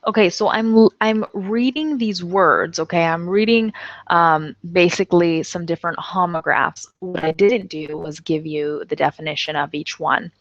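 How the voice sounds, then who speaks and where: A woman teaches English online in a casual way, reading sentences aloud and explaining them at normal speed in a fairly low voice. It's a dull, dry lo-fi recording without room sound.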